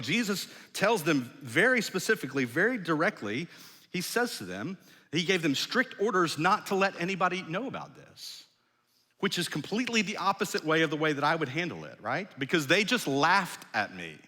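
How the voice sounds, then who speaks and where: A man, a pastor, preaching a sermon in a conversational storytelling way that often drops soft and low. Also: big pitch swings, moderate pace. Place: large church hall. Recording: long hall reverb.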